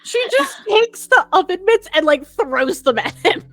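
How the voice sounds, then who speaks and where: A woman player in a casual tabletop game, excitable and animated. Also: very high voice, a little slow, dry recording, faint music behind.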